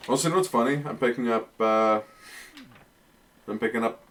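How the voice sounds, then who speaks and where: A man's voice: lowish voice, fairly quick, pauses often, fairly bright tone, slight background noise. A young man streaming a game with a friend, joking and laughing as he talks. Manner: joking, laughs often, slips into silly voices. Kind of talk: casual gameplay chat.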